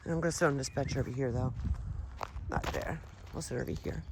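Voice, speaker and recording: A woman's voice: rumbling low, a little fast. Woman ghost-hunting vlogger outdoors. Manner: addresses viewers as guys, questions spirits aloud. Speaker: paranormal vlogger. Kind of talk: casual ghost-hunting vlog. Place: outdoors, sunny rural grounds. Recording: outdoor recording with background noise.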